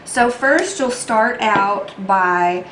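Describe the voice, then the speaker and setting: Young woman vlogger, unhurried and chatty, talking through an eye makeup tutorial in a roomy space with a faint hum. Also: mid-range voice. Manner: chatty and self-deprecating, with frequent ums. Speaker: beauty vlogger.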